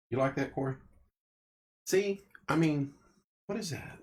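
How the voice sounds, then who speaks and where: A man hosts a loose, rambling livestream chat and talks between bites of food. He greets his viewers one by one. His pitch swings around in a lively way. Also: moderate pace, pauses often. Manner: chatty, eats while talking, greets viewers by name. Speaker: livestream host. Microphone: clip-on mic.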